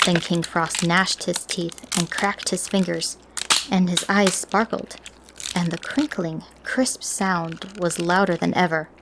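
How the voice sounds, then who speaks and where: A woman telling a fairy tale in an expressive, gentle scripted reading. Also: lowish voice, slow, very noisy. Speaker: storyteller.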